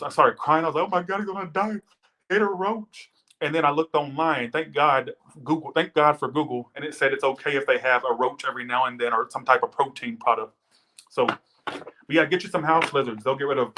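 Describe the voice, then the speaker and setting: In Las Vegas, a man does a casual live tarot reading in a bright, forceful, mid-range voice. He rambles and chats, telling stories and thanking viewers, with the occasional swear word.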